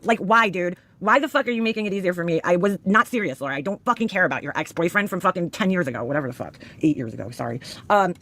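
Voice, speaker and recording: Fast, lively sarcastic woman ranting. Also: fairly low pitch. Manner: blunt, sarcastic, swears a lot. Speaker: commentary streamer. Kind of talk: profane drama commentary.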